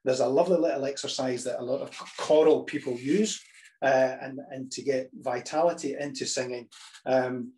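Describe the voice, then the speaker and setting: A man teaching healthy, lively choral singing, talking through the ideas and breaking into sung examples with frequent restarts. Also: medium pitch, moderate pace, slight background noise. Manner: demonstrates phrases by singing, restarts often.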